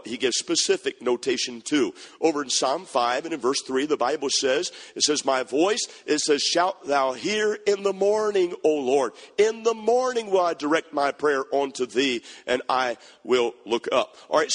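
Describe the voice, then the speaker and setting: Guy preaching, kinda high and husky, folksy, scripture quotes, big echoey church. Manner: folksy preaching, quoting scripture, repeats phrases. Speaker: pastor. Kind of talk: sermon.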